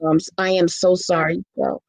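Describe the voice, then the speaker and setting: A woman's voice: on the low side, flat delivery, brisk, vocal fry, a little mellow, no room sound. A middle-aged woman hosting a casual live-stream chat, talking earnestly and with feeling, reading viewer comments aloud. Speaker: live show host.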